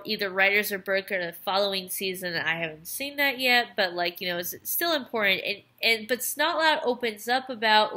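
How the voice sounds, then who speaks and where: Tipsy woman vlogger, gushing rambler, slightly high, bright tense tone. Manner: gushing, rambling, restarts and trailing asides. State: tipsy from wine. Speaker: vlogger reviewing cartoon episodes. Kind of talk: casual rambling review.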